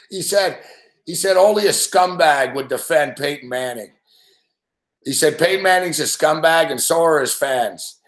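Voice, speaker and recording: A man's voice: on the high side, slow, pauses often, echoey room. A man hosting a sports betting show live, ranting in a casual, profane, rambling way and laughing often. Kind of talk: casual live-stream rant.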